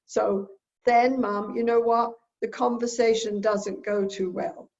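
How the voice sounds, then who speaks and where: A woman's voice: on the high side, fairly even intonation, slow, a little mellow. A woman voicing her frank seventeen-year-old son who bluntly calls out a pattern, on a dull, lo-fi recording. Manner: direct, calling out the pattern.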